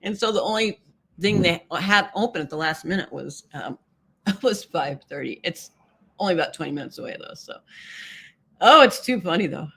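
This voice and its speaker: A woman's voice: fairly low pitch, lively intonation, normal speed, gravelly, a bit bright, slightly rough. A woman hosting a casual live stream, chatting with viewers, often laughing and reading their comments aloud.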